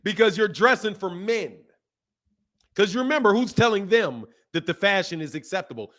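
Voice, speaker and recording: A man in his forties with a fairly high voice goes on a casual, animated rant. He repeats his points again and again and breaks into laughter often. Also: normal speed. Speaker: boxing channel host.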